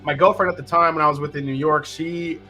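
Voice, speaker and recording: Bright-voiced man hosting a livestream. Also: a little high, quick pace, faint music behind. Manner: animated, joking, swears casually. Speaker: livestream host. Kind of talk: casual live-stream chat.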